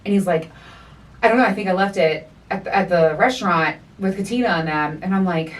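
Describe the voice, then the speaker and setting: A middle-aged woman hosting a podcast, telling a story in animated, profane casual chat and acting out the quotes. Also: on the low side, brisk, recorded from a distance. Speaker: podcast host.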